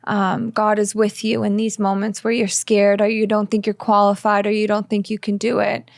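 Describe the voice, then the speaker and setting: A woman's voice: medium pitch, completely flat delivery, normal speed, gravelly, no room sound, clean studio sound. A woman co-hosting a faith podcast, speaking in an emotional, encouraging way. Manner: emotional, encouraging, with a soft, hushed delivery at times. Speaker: podcast co-host. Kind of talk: casual faith podcast chat.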